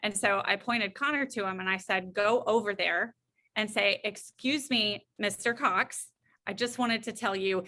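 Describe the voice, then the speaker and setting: In an unhurried, mid-range voice, a middle-aged guest counselor recounts an anecdote. She's lively about it, slipping into the voices of the people involved.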